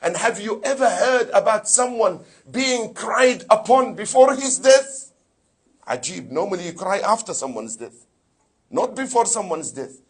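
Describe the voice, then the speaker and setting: A man preaching a sermon with fervor, his voice high-pitched and noticeably husky. He throws rhetorical questions at his congregation and slips Arabic phrases and scripture recitation into his English. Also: very animated, unhurried. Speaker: sheikh giving a Muharram lecture.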